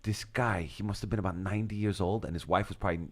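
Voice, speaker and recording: A man co-hosting a casual talk show, telling stories in an animated way and swearing freely. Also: sits low, fast talker. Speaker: co-host. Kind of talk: casual chat.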